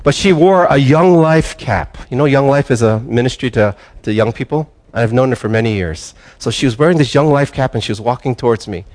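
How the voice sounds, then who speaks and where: Older pastor preaching conversationally. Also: male voice, medium pitch, a little fast, hardly any pauses. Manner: conversational storytelling, with restarts and soft laughs. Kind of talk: sermon.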